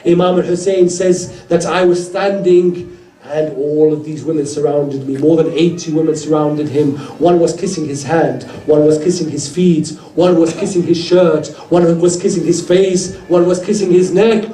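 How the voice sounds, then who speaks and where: A man's voice: a little high, fairly even intonation, moderate pace, mellow. A man giving an emotional religious recital at a mourning gathering, rising dramatically at cries and pleas. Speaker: speaker at a Muharram gathering. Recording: roomy, distant hall mic.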